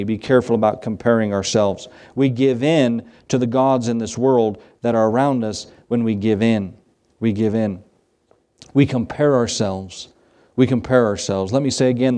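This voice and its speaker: Emphatic preaching pastor, man. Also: mid-range voice. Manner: emphatic, repeats key phrases, asks rhetorical questions; swings between louder raised passages and quiet asides. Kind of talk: sermon.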